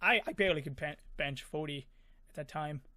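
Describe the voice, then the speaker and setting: A man's voice: a little high, fairly quick, sharp tone, no echo, clean studio sound. A man casually telling a personal story, rambling with many fillers and little sound effects. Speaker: vlogger.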